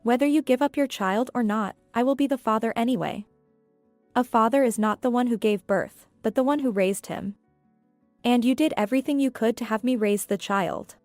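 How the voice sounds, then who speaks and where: A woman voicing a cold, smug male company boss who talks in a coolly taunting, measured way. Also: a little high, darkish tone, dry recording, faint music behind, natural voice.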